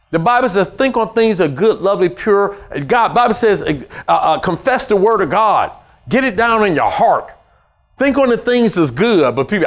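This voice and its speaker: A man preaching a sermon as a pastor in a church, animated and acting out the voices of his congregation. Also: high-pitched, normal speed.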